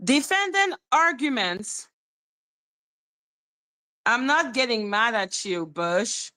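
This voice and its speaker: A woman's voice: on the high side, sing-song, takes it slowly, bright, forceful tone. A woman hosting a casual livestream, reading court documents aloud and bantering with her chat. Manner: chatty, muttering while reading, bantering with chat. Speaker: livestream host.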